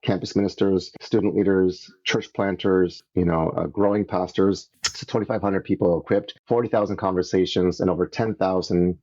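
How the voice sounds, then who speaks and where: A man from Canada, a podcast guest, telling his story in an earnest, animated way and acting out the voices he quotes, on dull lo-fi audio. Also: low voice, moderate pace, few pauses. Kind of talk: casual storytelling interview.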